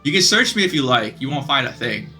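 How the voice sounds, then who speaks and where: A shifty little imp demon with a put-on British accent, dodging every question, as a man reads him out. The voice is bright and forceful, with faint music behind it. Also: medium pitch, sing-song, quick pace. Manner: evasive, shifty denials.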